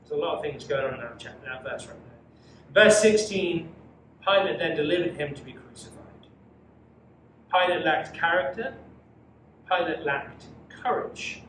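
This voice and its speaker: A man's voice: a little high, expressive, moderate pace, pauses often, a bit bright. A man teaching a youth Bible study, preaching emphatically and reading scripture dramatically. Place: church room. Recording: echoey room from far off with noise.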